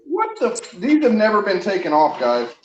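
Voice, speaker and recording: A man, co-hosting a casual live stream while working on an engine, excitable and quick to exclaim. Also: high-pitched, a little hiss or hum. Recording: echoey room, dull audio.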